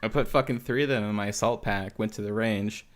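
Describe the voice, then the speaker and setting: Low-voiced swearing man spinning stories. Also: a little fast. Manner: profane, animated storytelling. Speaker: podcast guest, veteran. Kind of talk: casual chat.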